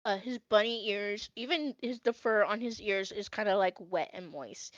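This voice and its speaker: A woman's voice: medium pitch, normal speed, dry recording, lo-fi sound. A woman narrating a live tabletop game as game master, casual and giggly, with many fillers.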